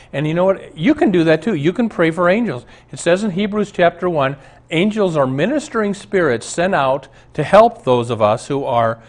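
A man who is a pastor, teaching a Bible lesson on a show and telling stories from his own life in an earnest preaching manner. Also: on the high side.

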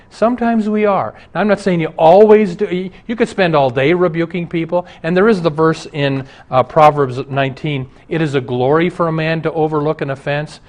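Earnest preaching man. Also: a little high. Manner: earnest, emphatic preaching with rising and falling intensity. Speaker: pastor. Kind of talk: broadcast sermon.

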